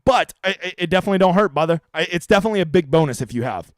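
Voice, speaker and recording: A man's voice: high voice, expressive, very fast, no room sound. A young man hosting a live stream, answering chat questions with brash, jokey, crude banter. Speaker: fantasy golf streamer.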